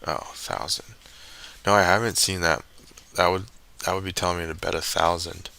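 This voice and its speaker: A man's voice: low-pitched, flat delivery, normal speed, vocal fry, sharp tone, clean tone, dry recording. A man live-streaming a roulette-style game, muttering to himself and grumbling when bets miss. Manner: muttering, frustrated, talks to himself. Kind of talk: casual live-stream commentary while playing.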